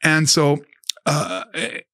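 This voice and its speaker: A man sharing his personal faith testimony in casual conversation, an animated storyteller who quotes scripture freely. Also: on the high side, takes it slowly, no room sound, studio quality. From Southern California.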